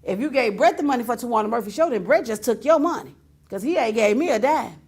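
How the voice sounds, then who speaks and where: A woman's voice: a little high, lively intonation, fast talker, darkish tone, breathy edge. A woman talk show host, ranting to her viewers in a teasing, laughing way. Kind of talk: casual on-air rant to viewers.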